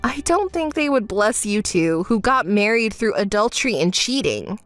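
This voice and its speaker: A woman narrating a dramatized texting story as the friend, speaking calmly in an exasperated, scolding way. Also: medium pitch, moderate pace, few pauses, dry recording, faint music behind.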